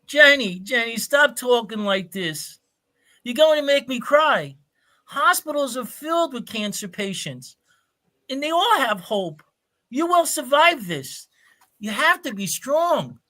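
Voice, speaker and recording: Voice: sits high, very animated, a little slow, pushed and bright, full character voice. A performer voicing an earnest young man in an amateur radio drama, speaking heartfelt and hesitant. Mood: pleading. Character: earnest young man proposing to his sick girlfriend.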